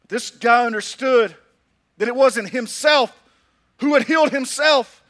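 A man's voice: very high voice, measured pace, fairly bright tone. A man preaching a sermon, emphatic and repetitive, who tells stories with humor. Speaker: pastor.

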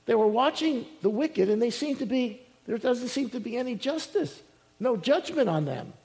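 A male pastor preaching a sermon, swinging between loud emphasis and quiet asides. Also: very high voice, animated, normal speed.

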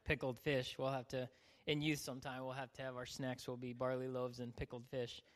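A young man gives a sermon as a youth pastor, cracking jokes and imitating the people he describes. His medium-pitched voice is monotone and a little fast, captured with long hall reverb.

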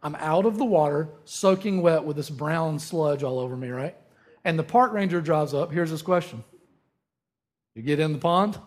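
A man's voice: fairly high pitch, moderate pace, a little mellow. Joking storytelling preacher, a man in his thirties. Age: 30s. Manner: humorous storytelling, often asks "right?". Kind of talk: conversational sermon.

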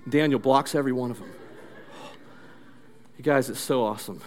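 A male pastor giving an interactive sermon through animated storytelling, leading the audience in call-and-response drills. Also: medium pitch, normal speed, a little hiss or hum. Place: church. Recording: long church reverb.

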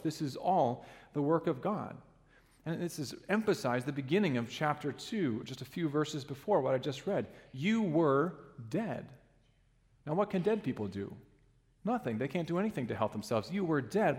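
A man's voice: on the high side, big-room sound. A man preaching a sermon in a church, earnest and emphatic, sometimes restarting a phrase.

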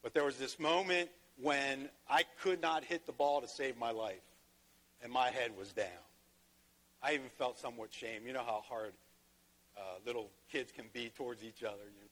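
A man's voice: medium pitch, steady tone, normal speed, a bit bright. A man pastor preaching a sermon, telling a personal story and rising to emphatic peaks. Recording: long hall reverb.

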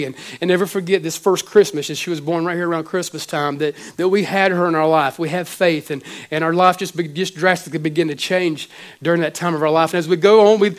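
Man pastor, forties, high voice, heartfelt halting sermon, stumbles and restarts. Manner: emotional, halting with many restarts.

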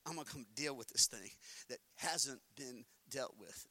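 In a dry recording, a male pastor with a medium-pitched voice and moderate pace delivers a sermon. He swings from quiet talk to shouting and acts out inner voices in his humorous stories.

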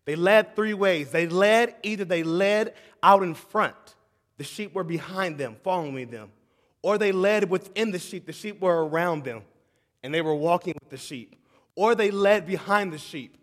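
A man preaching a sermon, moving between shouting excitement and hushed, tender tones and often calling the audience "y'all". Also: high voice, normal speed. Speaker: pastor. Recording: long hall reverb.

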